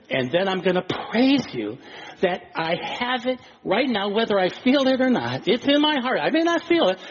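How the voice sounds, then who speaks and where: Male preacher, high voice, lively, acting out dialogue, dull lo-fi recording, faint hiss. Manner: animated, acts out dialogue. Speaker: pastor. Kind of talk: sermon.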